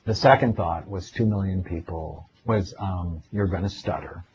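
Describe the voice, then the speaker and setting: A middle-aged man with a very low voice gives a relaxed webinar lecture, mixing advice with his own stories. He acts out the thoughts in his head as he goes. The audio is dull and lo-fi, with a faint hum of ambience behind him. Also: normal speed. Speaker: psychiatrist giving a webinar. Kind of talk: casual spoken lecture with personal stories.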